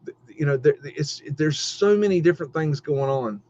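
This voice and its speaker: A man's voice: fairly high pitch, lively intonation, moderate pace, a little mellow. A middle-aged man hosting a livestream, ranting heatedly with lots of swearing and stammered restarts. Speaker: podcast host. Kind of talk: livestream rant. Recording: dull lo-fi stream audio.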